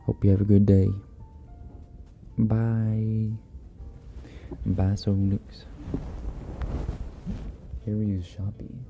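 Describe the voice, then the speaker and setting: A man hosting a livestream in a soft-spoken, laid-back way, reading chat messages and chuckling often. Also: lowish voice, level tone, very slow, vocal fry, pauses often, narrow, tinny audio, faint music behind. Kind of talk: casual live chat.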